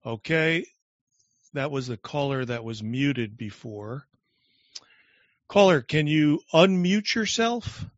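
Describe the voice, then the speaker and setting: Host, male, brisk and businesslike with callers, dry muffled audio. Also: on the high side, lively intonation, no room sound. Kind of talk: call-in show hosting.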